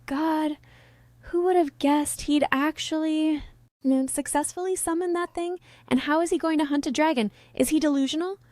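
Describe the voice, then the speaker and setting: A man's voice: very high-pitched, moderate pace, darkish tone, dry recording, clean studio sound, voice pushed up. A woman voicing a weary male companion who mutters in exasperation. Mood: exasperated.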